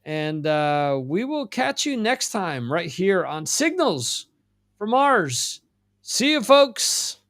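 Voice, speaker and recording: A man from the United States hosting a casual music chat podcast, relaxed and unhurried, with lots of fillers and restarts. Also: high voice. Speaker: podcast host.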